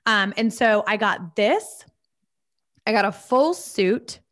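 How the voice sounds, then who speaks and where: A woman co-hosting a podcast in an easy, chatty way. Her pitch sits in the middle range, and she playfully stretches words out for emphasis as she tells her stories. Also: lively intonation, takes it slowly, a bit bright. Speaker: podcast co-host. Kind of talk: casual chat.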